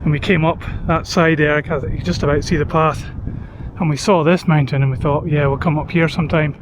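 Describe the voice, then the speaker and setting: A man narrating his hill walk casually to the camera, relaxed and self-deprecating, pausing often on "uh" while outdoors on an open hillside. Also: on the high side. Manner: chatty, relaxed, self-deprecating, with frequent "uh" pauses. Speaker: hiking vlogger. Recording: outdoor recording with wind noise.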